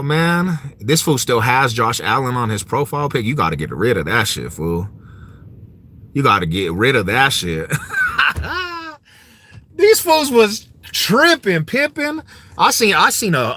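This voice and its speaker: A man with a bright, forceful voice trash-talks in a casual vlog rant, his pitch swinging widely and sitting a little high. He mocks and swaggers, piling on slang and breaking into laughter. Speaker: vlogger.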